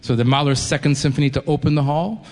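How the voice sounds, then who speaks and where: A man's voice: on the high side, steady tone, fast talker, a little mellow. A man who grew up in New York, speaking enthusiastically and conversationally to a concert audience, with frequent restarts. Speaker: orchestra executive addressing a concert audience. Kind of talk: live speech to an audience. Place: concert hall. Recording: long hall reverb.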